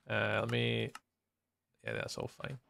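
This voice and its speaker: Scottish man streaming, lively gravelly voice. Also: mid-range voice, a little hiss or hum. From Scotland. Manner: chatty, greets viewers by name, laughs often. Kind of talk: casual live-stream chat while building in a game.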